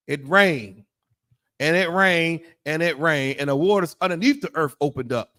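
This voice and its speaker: A man's voice: on the high side, a bit bright. A man teaching a Bible law class in a blunt, profane preaching style full of rhetorical questions. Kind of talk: fiery preaching lesson.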